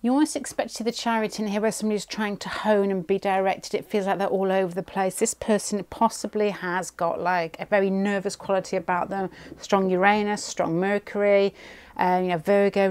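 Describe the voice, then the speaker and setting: A woman reads tarot cards at home for a pick-a-card video, with a voice pitched in the middle range. She thinks aloud as she goes and rambles through her reading. She often breaks off and restarts her sentences. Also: fairly even intonation, brisk, darkish tone, clear, resonant tone.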